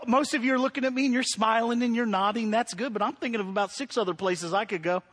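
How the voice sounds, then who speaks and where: Middle-aged pastor guy, high voice, storytelling sermon, gets quiet then loud. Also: fast, hardly any pauses.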